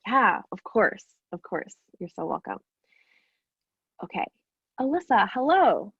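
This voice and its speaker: Husky-voiced woman coaching warmly. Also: mid-range voice, very animated, no room sound, narrow, tinny audio. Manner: encouraging, emphatic, slows down to stress key phrases. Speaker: business coach. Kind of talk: live group coaching call.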